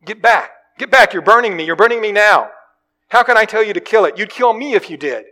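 A man's voice: sits high, animated, fairly quick, pushed and bright, pitched above the performer's own voice. A man voicing the ghost of a man, pleading, stammering and whiny in a raised voice. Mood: panicked.

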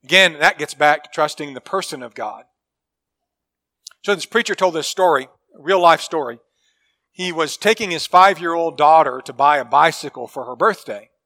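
High bright earnest male preacher. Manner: earnest, emphatic preaching with dramatic drops to a hush; acts out quoted people in a story. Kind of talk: sermon.

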